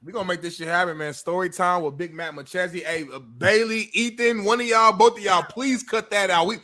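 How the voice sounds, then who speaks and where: Bright, high, excitable male co-host. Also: fairly quick, dry recording, studio quality. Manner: excitable, slangy. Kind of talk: casual sports talk.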